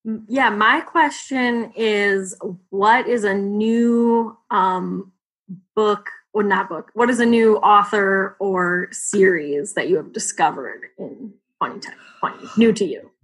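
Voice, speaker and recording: A woman's voice: medium pitch, slow pace, husky. A woman on a casual podcast chat, rambling and searching for words, with lots of "like". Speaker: podcast guest.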